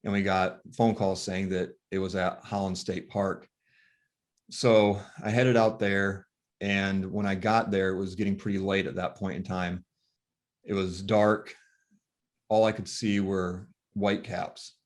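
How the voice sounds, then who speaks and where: A man, a grieving father, telling his story earnestly and reflectively with soft pauses, from Michigan. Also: low voice, level tone. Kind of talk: personal testimony talk.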